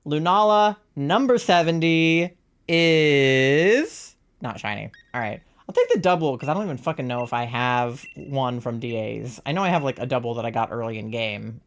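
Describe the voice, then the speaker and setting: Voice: medium pitch, a little fast, few pauses. A young adult streamer from Virginia chatting casually during a live gaming stream, rambling, swearing freely and laughing often.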